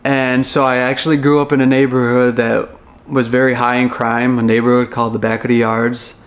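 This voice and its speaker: A young man from Chicago talks through a personal memory, pausing and restarting as he goes. His voice sits at an ordinary middle pitch, and his delivery is earnest and unpolished. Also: little pitch movement. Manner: halting and reflective, many restarts and fillers. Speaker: former firefighter. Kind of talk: personal storytelling.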